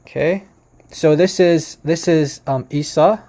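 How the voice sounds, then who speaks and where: Mellow-voiced man in rambling commentary. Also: on the high side, takes it slowly. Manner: rambling, full of restarts and "like", chuckling at claims. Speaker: commentator reacting to debate clips. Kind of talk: casual commentary over a screen share.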